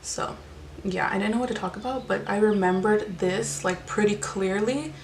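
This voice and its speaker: A woman's voice: mid-range voice, normal speed. Brief: young woman vlogger, casual storytime, rambling filler-heavy chat, faint room hum. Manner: chatty, lots of "like" fillers and swearing. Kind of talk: casual storytime while eating.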